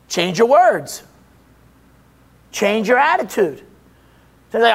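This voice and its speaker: Male preacher with a very high voice, emphatic, repetitive, call-and-answer delivery. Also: big pitch swings, unhurried, pauses often. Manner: emphatic, rising to shouts, then dropping low; repeats phrases, asks and answers his own questions. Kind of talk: sermon.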